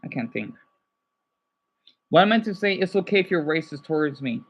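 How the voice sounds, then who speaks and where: A man's voice: on the high side, expressive, husky, highs cut off. A man livestreaming in a casual, rambling way, upset and burnt out, apologizing often between outbursts. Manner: agitated, rambling, quick to apologize.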